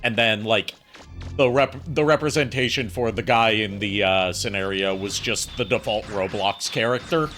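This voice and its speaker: A man's voice: fairly low pitch, moderate pace, a bit bright, soft background music. A man hosting a game stream, chatting casually with friends in a rambling way full of fillers. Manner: rambling, many fillers and restarts. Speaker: streamer and host.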